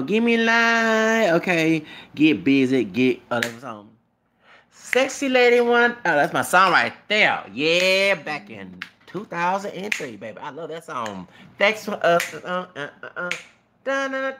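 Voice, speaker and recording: A man's voice: a little high, gravelly, fairly bright tone, slight background noise. A man ranting casually to his camera as a vlogger, rambling and repetitive, with emphatic asides.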